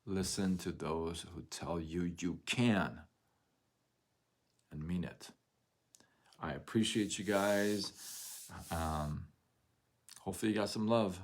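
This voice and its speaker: A man's voice: sits low, slow pace, pauses often. A man hosting a motivational live stream, speaking earnestly and getting emotional as he repeats his encouragement.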